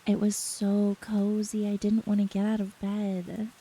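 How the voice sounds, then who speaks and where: A woman streamer chatting softly and giggling often as she greets her chat, close to the mic with faint rain behind. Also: medium pitch, completely flat delivery, measured pace, husky, poor audio. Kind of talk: soft-spoken live-stream chat. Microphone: close ASMR microphone.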